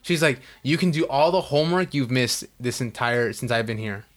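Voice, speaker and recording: A young man telling stories in casual chat, animated and swearing a lot, acting out what people said. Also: mid-range voice, moderate pace. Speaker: podcast co-host.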